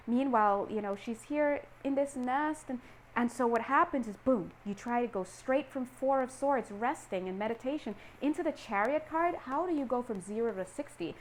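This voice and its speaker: A woman giving a casual tarot reading, animated and playful, acting out little scenes and laughing often. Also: a little high, normal speed, slight background noise. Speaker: tarot reader.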